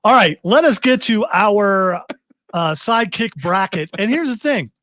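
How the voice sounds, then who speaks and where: A man's voice: high voice, animated, unhurried, bright, forceful tone, no echo, clean studio sound. A man hosting a casual talk show, jokey and rambling, poking fun at himself. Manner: jokey, rambling, self-deprecating. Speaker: radio host running the show. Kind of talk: casual chat.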